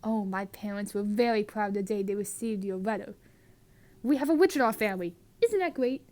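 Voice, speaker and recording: A woman's voice: mid-range voice, brisk, warm tone, lightly acted. Brief: woman playing a resentful, sneering aunt. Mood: bitter.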